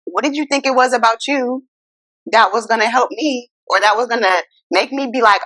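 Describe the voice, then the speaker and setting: A woman hosting a casual self-help talk. She speaks in an animated, incredulous way, addresses viewers as y'all, and. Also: a little high, normal speed, dry recording. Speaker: host.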